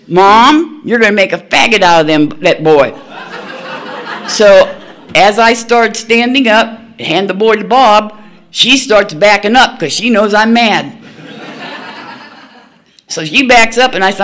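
A woman's voice: mid-range voice, slow pace, long pauses, a bit bright. An older woman, telling her own story at a recovery meeting in a blunt, folksy, candid way, laughing at herself. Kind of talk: personal storytelling share.

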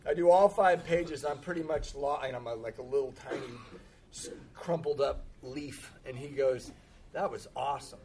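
A man's voice: mid-range voice, steady tone, normal speed, darkish tone. A man speaking at a recovery meeting, telling his own story candidly with self-deprecating humor and frequent laughs. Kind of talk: personal storytelling talk.

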